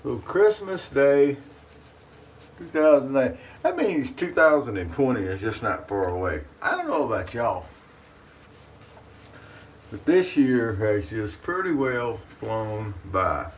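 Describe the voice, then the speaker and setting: A man's voice: lowish voice, huge pitch swings, measured pace. A man hosting his shaving channel, chatting casually to the camera in a folksy way from his bathroom. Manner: folksy, talks about himself in third person. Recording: distant mic with faint room noise.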